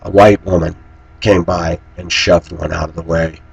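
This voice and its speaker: Middle-aged male vlogger, deep husky voice, preachy and indignant. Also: little pitch movement, normal speed, highs cut off. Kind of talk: personal commentary monologue.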